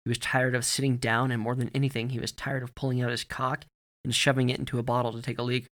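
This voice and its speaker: A man narrating a story in a steady, measured reading voice. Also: medium pitch. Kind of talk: scripted audiobook narration.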